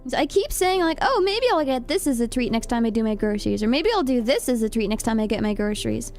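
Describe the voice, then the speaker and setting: Giggly high-voiced young woman streamer. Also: lively intonation, quick pace, a little mellow, faint music behind. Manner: giggly, chatty, reads chat aloud. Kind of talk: casual chat with viewers.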